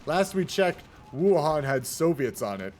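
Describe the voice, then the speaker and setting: A man's voice: fairly high pitch, sing-song, a little slow, a little mellow. A young man giving casual, rambling commentary on a multiplayer strategy game, often saying "y'all". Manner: chatty, rambling, says "y'all". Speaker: game caster.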